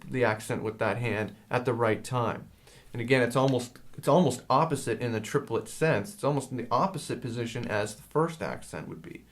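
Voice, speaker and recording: A man teaching a drum lesson in a casual, rambling way, hesitating and filling pauses as he explains. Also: mid-range voice. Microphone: handheld field recorder.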